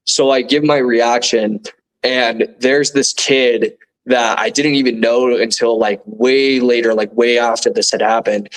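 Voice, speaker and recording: Young man, interview guest, halting retelling, restarts and fillers, mid pitch. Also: poor audio. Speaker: guest eyewitness. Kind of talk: casual interview recounting events.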